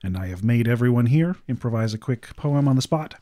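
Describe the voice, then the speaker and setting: A man running a tabletop game as game master, narrating casually with lively delivery. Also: mid-range voice, brisk.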